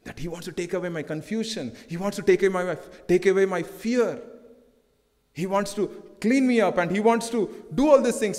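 High-pitched Indian pastor preaching. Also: male voice. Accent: Indian English. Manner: repetitive, emphatic preaching with rhetorical questions. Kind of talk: sermon. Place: church hall. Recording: long church hall reverb.

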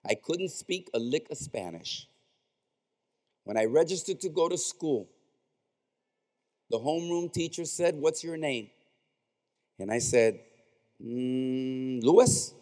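A man's voice: on the high side, expressive, measured pace, long pauses, darkish tone. A man giving a commencement speech in a large indoor arena, speaking with impassioned, repetitive oratory into a podium microphone. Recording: echoey arena with long reverb.

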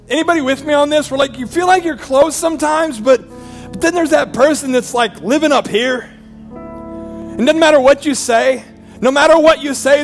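A man preaching a sermon as pastor, animated, swinging between loud bursts and low, intimate passages.

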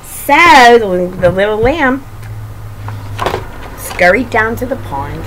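A woman reading a picture book aloud to children, with gentle, doting asides to a child. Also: a little high, very animated, takes it slowly, a little hiss or hum, poor audio. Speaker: reader of children's books.

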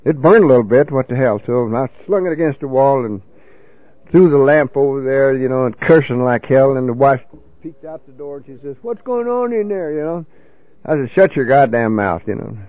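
A man's voice: mid-range voice, brisk, no room sound, narrow, tinny audio. An older man telling a folksy, salty story of his drinking days to a recovery meeting, peppering it with "you know.".

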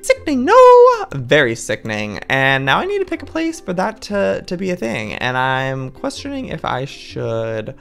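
Animated chatty male game host. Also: medium pitch, normal speed, creaky, hardly any pauses. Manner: chatty, playfully dramatic, talks to viewers. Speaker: gaming video host. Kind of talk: Minecraft let's-play commentary.

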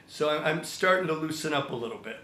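An older man telling a long anecdote as a songwriter guest, acting out the quoted voices with lively energy. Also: fairly high pitch, fast talker, a little hiss or hum. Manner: animated storyteller, acts out quotes. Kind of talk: storytelling anecdote. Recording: echoey room.

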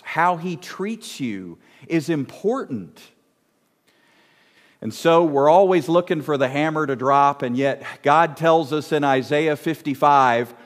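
A middle-aged male pastor delivers a sermon at a slow, measured pace. His voice sits on the higher side for a man. He keeps turning to the congregation with direct questions. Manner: asks the audience many direct questions.

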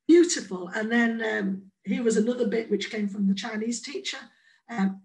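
English woman, conference speaker, fairly high voice, playful, acts out quotes. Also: moderate pace, poor audio. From England. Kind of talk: conference presentation.

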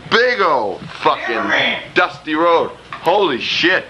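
A man doing profane, excited play-by-play of a backyard wrestling match while filming it, gasping and laughing. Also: a little high, takes it slowly, hardly any pauses, lo-fi sound, heavy background noise. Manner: swears often, loud gasps and laughs. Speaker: backyard wrestling commentator and cameraman.

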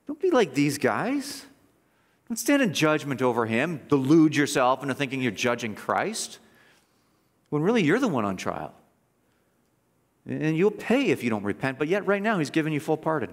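Man preaching, impassioned, mocking asides, lively swooping pitch, long church reverb. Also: normal speed. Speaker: pastor. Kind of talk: sermon. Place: church sanctuary.

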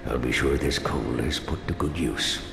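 Humble old blacksmith, very deep voice, slow drawl, long reverb, game music behind. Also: male voice. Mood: wistful. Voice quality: deep gravelly voice. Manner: slow, archaic folksy speech. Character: kindly old male blacksmith, gruff and humble.

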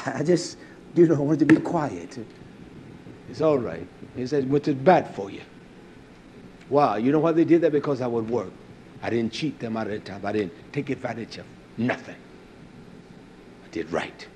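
An older man recounts his own story in an animated way, voicing the people he quotes. His pitch sits in an ordinary middle range. A faint hiss runs under the recording. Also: moderate pace, pauses often. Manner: animated, acts out quoted dialogue, repeats words. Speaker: speaker giving a testimony. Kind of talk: personal storytelling.

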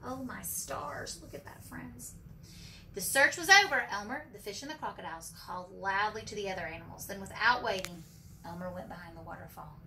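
A woman preschool teacher reading a picture book aloud to young children, animated for the character lines and asking the kids questions. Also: medium pitch, fairly quick, creaky. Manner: asks children questions and calls them friends. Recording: distant from the mic with faint background noise.

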